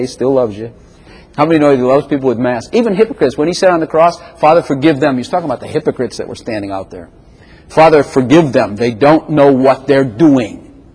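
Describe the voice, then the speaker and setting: An older man preaching a sermon, quoting scripture and swinging between loud, excited lines and quiet, intimate ones. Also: breathy edge, in a large hall. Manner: animated preaching, quoting scripture with sudden swings in pitch and volume. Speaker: pastor.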